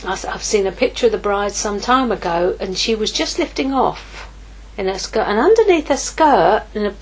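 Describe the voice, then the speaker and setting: A woman preaching a sermon, lively, moving from hushed asides to exclaiming. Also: medium pitch, normal speed, slightly rough, low-quality recording. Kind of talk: sermon teaching.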